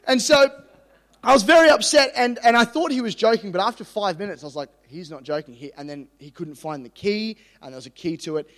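Animated young Australian preacher in a ringing hall. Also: male voice, high voice, a little fast. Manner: animated, self-deprecating storytelling with many restarts. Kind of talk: sermon with personal story. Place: church hall. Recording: reverberant hall.

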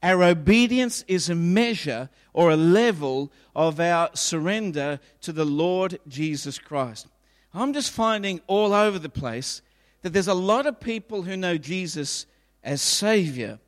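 A man's voice: fairly high pitch, expressive, a little slow, in a large hall. A pastor in his fifties preaching a sermon in a church, emphatic and repetitive.

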